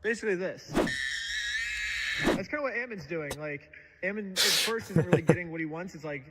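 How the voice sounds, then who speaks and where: A man's voice: high-pitched, animated, a little fast, long reverb tail, over a noisy crowd, rough recording. A man telling his side in casual chat, rambling and sarcastic. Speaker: video creator explaining his story.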